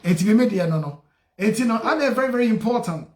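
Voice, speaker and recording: A man with a Ghanaian accent hosting a call-in radio show, talking in a lively way and switching between Twi and English. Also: sits high, quick pace, echoey room. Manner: lively, switches languages, reads out names with a singsong refrain. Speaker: radio show host, solicitor.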